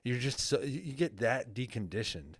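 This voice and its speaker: A man's voice: medium pitch, animated, moderate pace, husky, no room sound, studio quality. A man speaking as a guest coach in a casual podcast interview, earnest and open in a plain-spoken way.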